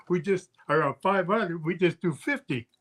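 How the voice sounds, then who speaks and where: A man's voice: high voice, a little slow, a bit bright. An older man, a former wrestler, telling rambling anecdotes in casual podcast chat, often chuckling. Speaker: guest storyteller, former wrestler.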